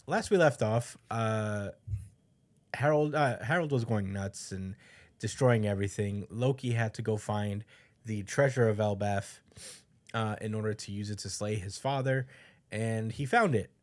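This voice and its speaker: A man's voice: fairly low pitch, unhurried. Guy on a podcast recapping the latest chapter, loose and chatty, ums everywhere. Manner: loose storytelling with fillers, voices quotes. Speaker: podcast co-host.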